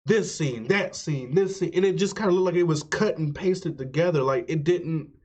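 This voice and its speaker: A man's voice: fairly high pitch, moderate pace, darkish tone. A man hosting a gaming channel, giving chatty, opinionated, emphatic let's play commentary.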